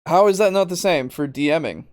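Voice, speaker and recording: An exasperated man rants on a podcast, swearing freely and laughing as he argues. His pitch swings widely and animatedly. The sound is dry and close. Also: animated, moderate pace, a little mellow, dry recording. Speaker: podcast host. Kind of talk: ranting podcast discussion.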